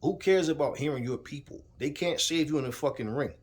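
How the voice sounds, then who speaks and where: A man's voice: on the high side, brisk. A man giving a heated, profane rant about boxing, repeating himself and addressing the fighter directly. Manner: heated, profane, repetitive, talks straight at the subject. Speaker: boxing commentator. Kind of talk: casual ranting commentary.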